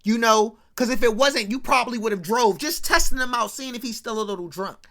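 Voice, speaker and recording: A woman plays a sharp-tongued sitcom mother who dryly needles her son. Her voice is bright and high. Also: fairly quick. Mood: needling. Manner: dry and needling.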